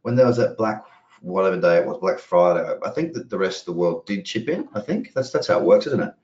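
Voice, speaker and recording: Speaking quickly and with animation, this man has a low, darkish voice. He rambles through live market commentary as a trading educator, keeping it chatty and casually profane. The audio is lo-fi, roomy and dull.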